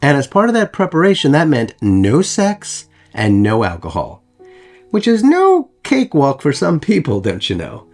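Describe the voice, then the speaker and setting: A man's voice: a little high, huge pitch swings, normal speed, darkish tone, soft background music. A man hosting a history channel, narrating over photos in a chatty way with joking asides to the viewers.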